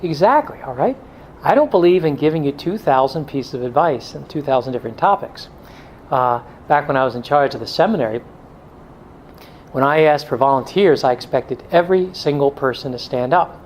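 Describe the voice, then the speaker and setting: A man's voice: fairly high pitch, animated, a little fast, a little hiss or hum, low-quality recording. A middle-aged male pastor giving a blunt, joking talk to a men's group, now and then mimicking excuses in a whiny voice.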